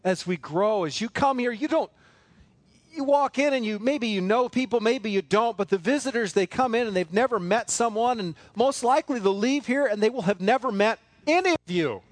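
A man's voice: high-pitched, expressive, moderate pace, dry recording. A man preaching a sermon as pastor, emphatic and repetitive, with many rhetorical questions.

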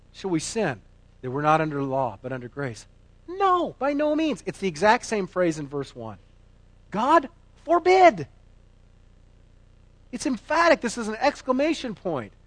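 A man preaching a sermon, emphatic, moving between loud declarations and quiet asides. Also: on the high side, no room sound. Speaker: pastor.

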